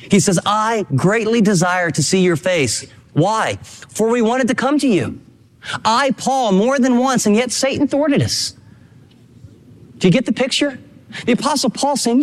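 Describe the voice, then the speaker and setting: A man preaches with emphatic energy. His voice sits high and moves in lively leaps. A long reverb hangs behind him, as in a large hall. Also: moderate pace. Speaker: pastor. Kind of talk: sermon.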